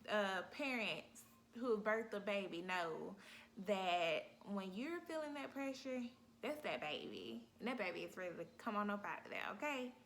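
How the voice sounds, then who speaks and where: A woman vlogger telling a story in a casual, animated way, talking straight to her viewers. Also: mid-range voice, normal speed, a little hiss or hum. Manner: animated, talks straight to viewers, acts out her own cries.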